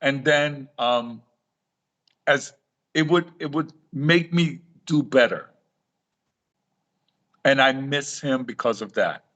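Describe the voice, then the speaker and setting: Slow and full of pauses, his mid-range, fairly bright voice carries a middle-aged reef aquarium author's stories during a live talk show interview. He acts out dialogue and keeps restarting his sentences.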